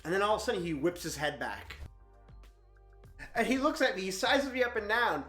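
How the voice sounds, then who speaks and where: Animated young man, echoey room. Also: high-pitched, a little fast, soft background music. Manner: animated, laughs often while telling. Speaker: travel vlogger. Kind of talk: storytime vlog.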